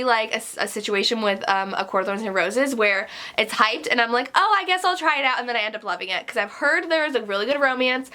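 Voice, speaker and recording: Young woman, stuffy nose, casual vlog chat, rambling, bright and slightly high voice. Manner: chatty, rambling, peppered with "like". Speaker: book vlogger.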